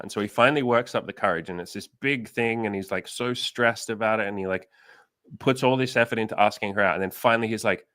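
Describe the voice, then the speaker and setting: A fast, blunt man with a lowish voice hosts a casual livestream, talking through dating advice and slipping into quoted voices. He swears freely. The sound is dry and close. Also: fairly bright tone, dry recording. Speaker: dating coach and livestream host.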